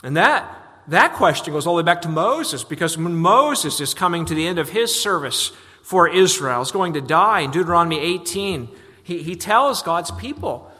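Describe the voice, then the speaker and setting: A man's voice: expressive, normal speed, bright, forceful tone. A man preaching an expository sermon, earnest and prone to repeating words as he restarts his sentences. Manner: earnest, repeats words on restarts, voices questions with rising pitch. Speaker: pastor. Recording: long reverb of a large hall.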